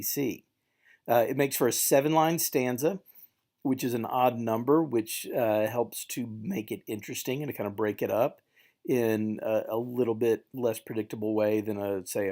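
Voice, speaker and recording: Mellow-voiced man lecturing on poetry. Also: medium pitch. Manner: relaxed, thinking aloud with fillers, taps out rhythms with nonsense syllables. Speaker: literature instructor. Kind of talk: recorded classroom lecture.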